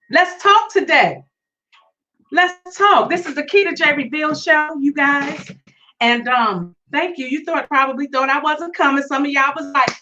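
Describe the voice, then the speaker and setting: A woman hosting a live podcast, talking to her viewers in an excited, chatty way with loud exclamations. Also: sits high, takes it slowly, highs cut off. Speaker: podcast host. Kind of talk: casual live-stream chat.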